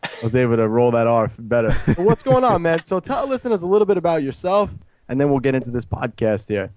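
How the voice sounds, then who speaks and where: A man's voice: mid-range voice, sing-song, fast, darkish tone. A man hosting a podcast, casual and teasing. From New York. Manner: joking, teasing. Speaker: podcast host.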